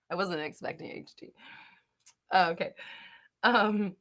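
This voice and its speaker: A woman's voice: mid-range voice, fairly bright tone. A young woman hosting a live question-and-answer chat at home, reading viewers' comments aloud in a chatty, giggly way with lots of fillers and the odd swear. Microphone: desk microphone.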